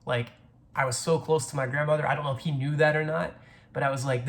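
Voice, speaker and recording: In a casual monologue, a man in his 20s from the US South wanders from story to story, cursing freely and restarting often. He speaks at a quick pace in a slightly high, steady voice.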